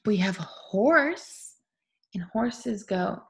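A young woman with a slightly husky voice teaches small children at a slow, careful pace. She swoops through a lively pitch range, gasping with delight and making drawn-out animal noises. Her gentle telling suits an online preschool group time.

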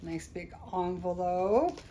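A woman gushing over tiny baby items as she unboxes a package, with drawn-out coos and soft exclamations. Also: fairly low pitch, slight background noise. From United States. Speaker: vlogger unboxing a reborn doll. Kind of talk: excited unboxing chat.

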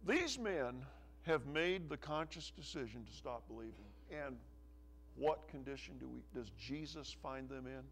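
A male pastor preaching a sermon in church, pressing hard on some phrases and letting others drop low and soft. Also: animated, unhurried, slight background noise. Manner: preaching with rising emphasis and soft, dropping asides. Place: church sanctuary.

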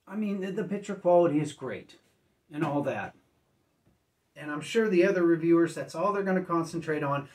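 A man casually reviewing discs at home, rambling and correcting himself, often clearing his throat as if he just woke up. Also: fairly high pitch, recorded from a distance. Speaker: disc reviewer.

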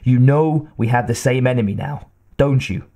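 Audiobook, male reader playing a stern, commanding army major, calm and firm. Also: mid-range voice, normal speed, natural voice.

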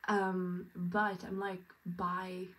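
A woman's voice: fairly low pitch, little pitch movement, very slow, fairly bright tone. A young woman vlogging while getting ready, rambling with lots of fillers and little laughs. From France and Norway. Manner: rambling, filler-heavy, self-amused. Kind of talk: get-ready-with-me chat. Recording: distant mic with faint ambience.

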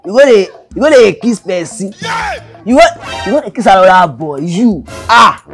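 A man's voice: sits high, expressive, moderate pace, a bit bright, faint music behind. A man with a Nigerian accent playing a young boyfriend who plots a prank and then accuses his girlfriend dramatically in a comedy skit. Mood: accusing. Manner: mock-accusing, dramatic, repetitive.

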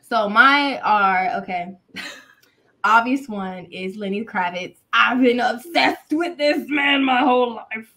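A woman's voice: on the high side, slow pace, pushed and bright. A woman from the American South, a wrestler on a podcast, talking in a loose, slangy way. She laughs easily and keeps the chat playful. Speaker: guest wrestler.

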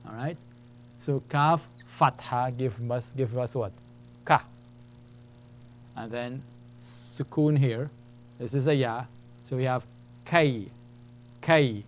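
A man's voice: medium pitch, slow pace, long pauses, a little hiss or hum. Patient man teaching at a board. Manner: patient, repetitive, explains step by step. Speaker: Arabic teacher. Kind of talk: classroom lesson.

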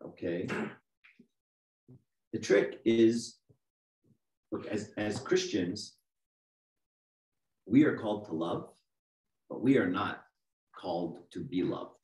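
Middle-aged male archdeacon, low-pitched, chatty sermon delivery; distant mic in a reverberant church. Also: slow, pauses often, darkish tone, a little hiss or hum. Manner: conversational, often asks "right?" to the congregation. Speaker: archdeacon preacher. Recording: echoey room, mic from a distance.

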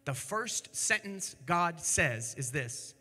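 A man preaching an energetic sermon as a pastor, animated, swinging between shouts and hushed storytelling. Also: on the high side, takes it slowly. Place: church sanctuary. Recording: echoey church hall.

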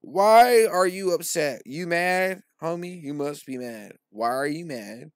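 A man voicing God on high as a solemn, booming male deity who draws out archaic pronouncements. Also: expressive, dry recording, studio quality. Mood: mock-concerned. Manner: slow, drawn-out, archaic pronouncements.

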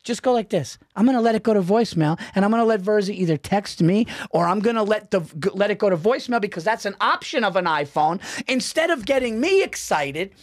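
A man's voice: sits high, animated, a little fast, few pauses, no room sound, clean studio sound. A middle-aged man, co-hosting a podcast, ranting in casual banter and acting out phone calls. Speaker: podcast co-host.

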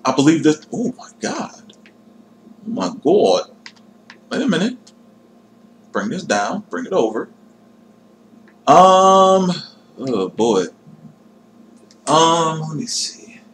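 A man's voice: fairly high pitch, very animated, takes it slowly, long pauses, fairly bright tone, slight background noise. Chatty young man streaming a game. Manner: chatty, talks to chat while tinkering, self-deprecating. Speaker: gaming livestreamer. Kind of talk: casual livestream commentary.

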